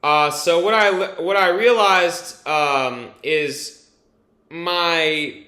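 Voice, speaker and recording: A man's voice: on the high side, very slow, pushed and bright, echoey room. A man rambling candidly through a personal vlog testimonial, full of fillers and casual swearing. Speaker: vlogger giving a testimonial.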